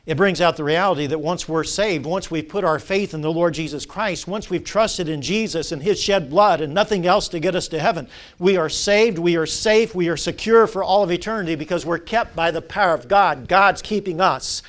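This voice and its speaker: A man's voice: fairly high pitch, moderate pace, fairly bright tone. A male Baptist pastor, preaching a sermon, drawing out key words and prompting the congregation to answer. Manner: call-and-response with the congregation.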